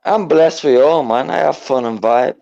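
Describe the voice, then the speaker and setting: A man's voice: a little high, normal speed, creaky, mellow. A man chatting casually on a voice-chat show, laid-back, trading boasts and friendly threats. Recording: dull lo-fi voice-chat audio.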